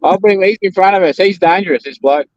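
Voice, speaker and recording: A man's voice: sits high, quick pace, no room sound, highs cut off. An easygoing man from Australia with an Australian accent.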